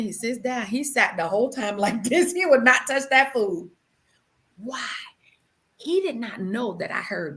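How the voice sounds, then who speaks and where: Animated woman telling her testimony. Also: a little high. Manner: animated and exclamatory, calls the listener "girl"; drops to hushed tones for solemn moments. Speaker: guest sharing her testimony. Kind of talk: emotional personal storytelling.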